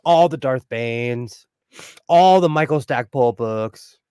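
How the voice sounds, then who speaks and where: A man's voice: medium pitch, slow pace, mellow, smooth, dry recording. A man from Southern California co-hosting a livestream in casual chat, joking and laughing often as he talks. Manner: jokey, laughs often, trails off and restarts. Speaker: livestream co-host.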